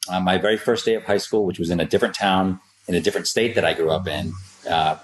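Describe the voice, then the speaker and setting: A man's voice: sits low, quick pace, a little hiss or hum. A man hosting a podcast in his office, chatty and enthusiastic, with rambling asides. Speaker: podcast host. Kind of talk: casual interview chat.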